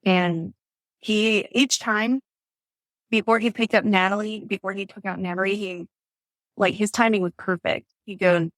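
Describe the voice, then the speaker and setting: A woman talks through a personal story in a loose, chatty way, with plenty of fillers and quick laughs. She slips into the voices of people she quotes. Her mid-range voice sits close to the mic in a dry, dead room. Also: medium pitch, steady tone, no echo, rough recording. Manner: laughs often, acts out others' words. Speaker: podcast guest telling her birth story. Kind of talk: casual storytelling.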